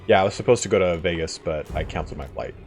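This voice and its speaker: A man with a deep, low-pitched voice talks through a strategy game in a loose, rambling let's-play style. He swears freely and chuckles often. Faint game music plays quietly behind him. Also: fast talker. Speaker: gaming video host. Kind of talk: casual let's-play commentary.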